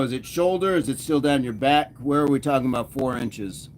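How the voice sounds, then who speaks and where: A man's voice: medium pitch, lively intonation, a little fast, slight background noise. A man hosting a fitness livestream, casually teasing and chatting with his viewers. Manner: playful teasing banter, reads and answers chat. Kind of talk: casual live chat with viewers.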